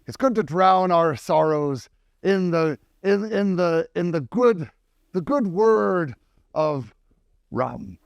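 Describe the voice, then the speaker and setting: A man's voice: sits high, lively intonation, takes it slowly, vocal fry, no room sound, pitched above the performer's own voice, heavily acted. A man voicing a jovial male android with a pirate swagger that glitches into a formal, old-fashioned lilt.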